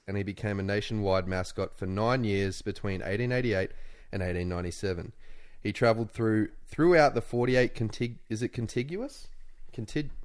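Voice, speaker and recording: A man co-hosting a podcast in casual, jokey chat. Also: on the low side. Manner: jokey, laughs often, drops into silly voices. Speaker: podcast co-host.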